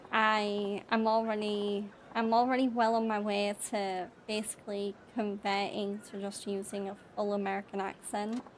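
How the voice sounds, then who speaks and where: A woman's voice: mid-range voice, level tone, normal speed, hardly any pauses, slight background noise. A British woman in her twenties chatting casually over a gameplay stream, laughing often and reading viewer comments aloud. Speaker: gaming streamer.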